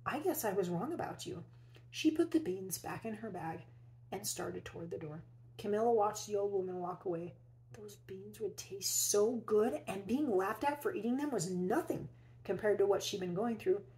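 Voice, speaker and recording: A woman teacher reads a picture book aloud to children, expressive and unhurried. She stops now and then to ask her listeners questions. Her mid-pitched voice carries a light gravelly fry. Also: poor audio. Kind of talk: children's read-aloud storytelling.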